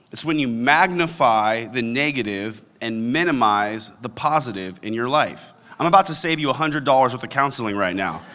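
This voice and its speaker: A man preaching a sermon as pastor, animated and conversational, acting out quoted complaints. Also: mid-range voice, long reverb tail. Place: large church auditorium.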